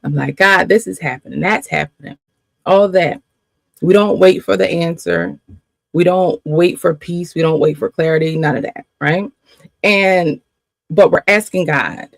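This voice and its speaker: A woman's voice: fairly low pitch, unhurried, gravelly, no room sound. A woman faith coach giving a spirited teaching, repeating phrases for emphasis and laughing often.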